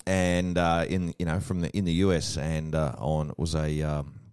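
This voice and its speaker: Deep-voiced chatty Australian man host. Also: level tone, moderate pace, darkish tone, clean tone, no room sound, studio quality. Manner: chatty, rambling, jokey. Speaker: podcast host. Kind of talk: casual interview chat.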